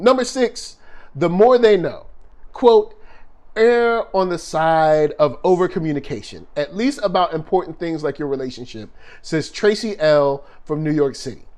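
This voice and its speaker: A man co-hosting a casual relationship talk show with his wife, laid-back and quick to laugh, reading viewer comments aloud. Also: fairly high pitch. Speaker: podcast co-host. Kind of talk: casual chat.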